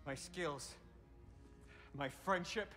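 Sindri, a grieving dwarf. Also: male voice, on the high side, drawn-out words, pushed and bright, faint music behind, exaggerated voice. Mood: bitter grief. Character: grieving bitter dwarf man, betrayed.

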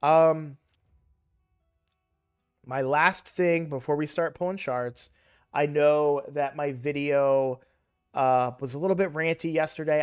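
A young man casually commenting on a mobile game he plays, rambling and correcting himself, louder and livelier when excited. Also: on the high side, clear, resonant tone. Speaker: gaming YouTuber.

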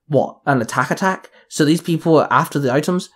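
A man's voice: a little high, brisk, slightly rough. A man voicing a blunt young street gang member in a spoken story. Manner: blunt, yelling insults.

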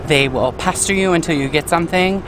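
A man's voice: on the high side, a little fast, noisy background. A man co-hosting a vlog, talking bluntly and sarcastically into a camera outdoors near a cruise port. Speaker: vlog co-host. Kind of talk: casual video commentary.

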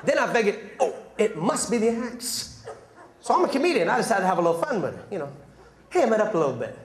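A man from North Carolina doing an energetic stand-up comedy set, telling stories with quick asides to the crowd. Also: high-pitched. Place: comedy stage before a live audience. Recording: roomy live venue with loud crowd laughter. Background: audience laughter.

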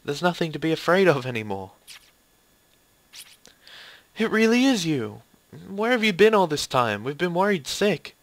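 A man's voice: medium pitch, a little slow, long pauses, pushed and bright, no room sound. A man voicing a caring, protective young female teacher in a horror game playthrough, urgent and commanding. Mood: reassuring.

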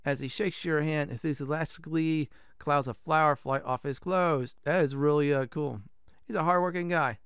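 A man's voice: fairly high pitch, fairly even intonation, normal speed, fairly bright tone, smooth, dry recording, studio quality. A man hosting a let's play, chatting casually with fillers while exploring a game. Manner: casual, rambling, many fillers. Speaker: gaming channel host.

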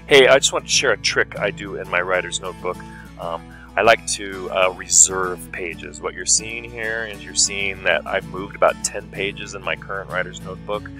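A man's voice: deep voice, bright, forceful tone. A man teaching a writing lesson in a chatty, explaining way. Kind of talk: classroom video lesson.

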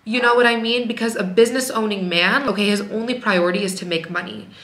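Woman vlogger, working mom, candid and chatty, bright tone, echoey room. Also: mid-range voice, fast talker. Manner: frank, chatty, leans on "like" a lot. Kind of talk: candid casual vlog talk.

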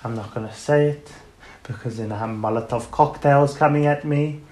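A man hosting a podcast in a casual ranting monologue, emphatic and sarcastic, hitting words loudly and then dropping into muttered asides. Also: medium pitch, moderate pace. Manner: emphatic, sarcastic, swings between loud stresses and muttered asides. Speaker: podcast host. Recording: roomy echo with faint background noise.

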